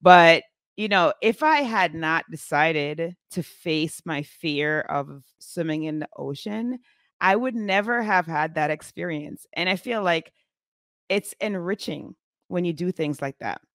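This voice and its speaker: A woman in her forties telling a story in a casual vlog, chatty and animated, with many fillers. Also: low voice, no room sound, studio quality. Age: 40s.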